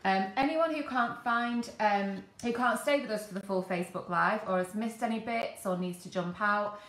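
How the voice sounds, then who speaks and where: A woman's voice: mid-range voice, moderate pace, a bit bright. A woman co-hosting a live stream, steadily explaining where things are on the website, with many ums. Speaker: co-host reading out website details. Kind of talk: casual live-stream announcements. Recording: echoey kitchen room.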